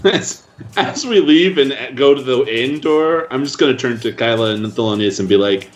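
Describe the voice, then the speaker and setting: A man's voice: mid-range voice, lively intonation, normal speed, faint music behind. A man playing in a tabletop game, laid-back and amused. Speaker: player. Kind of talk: casual tabletop play.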